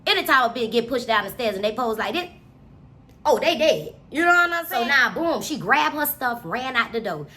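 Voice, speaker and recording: A woman casually recapping a novel with profane, animated storytelling. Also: fairly high pitch, brisk. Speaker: book reviewer.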